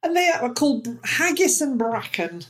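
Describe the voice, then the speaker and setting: A woman co-hosting a casual chat podcast, gentle and chatty, wandering into personal asides. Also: high voice, big pitch swings, normal speed. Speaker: podcast co-host.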